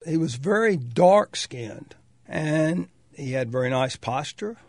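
An older man from North Carolina, thoughtfully recalling his past in a measured, pausing way. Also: on the high side, animated, dry recording, clean studio sound. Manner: measured, thoughtful, with pauses and restarts. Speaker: oral history interviewee. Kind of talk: reflective personal reminiscence.

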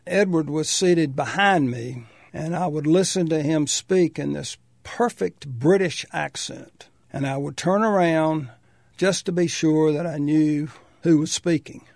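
An older man from North Carolina, thoughtfully recalling his past in a measured, pausing way. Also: fairly high pitch, vocal fry, darkish tone, no room sound, clean studio sound. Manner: measured, thoughtful, with pauses and restarts. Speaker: oral history interviewee. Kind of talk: reflective personal reminiscence.

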